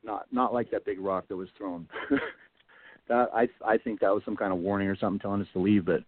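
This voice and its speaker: A man's voice: lowish voice, steady tone, fairly quick, no echo. A middle-aged man telling a long personal story in a casual, rambling way, full of "you know" and "like", as a guest on a radio show. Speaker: Bigfoot researcher guest. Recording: tinny phone line.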